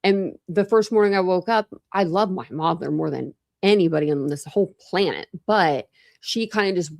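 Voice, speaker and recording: Gravelly-voiced woman in her forties, chatting. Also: medium pitch, darkish tone, dry recording, clean studio sound. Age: 40s. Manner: rambling, chatty, many "like" fillers. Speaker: true crime YouTuber on a live stream. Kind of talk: casual live-stream chat. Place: at home, room with couch and cat.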